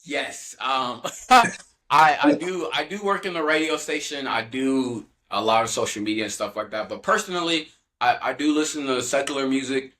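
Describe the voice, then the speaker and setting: A young man talks through his faith testimony as a podcast guest, in a bright, forceful voice at an ordinary pitch. His delivery is earnest and loose, and he keeps reaching for casual fillers as he tells his story. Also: moderate pace. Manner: earnest, loose, heavy on "you know" fillers.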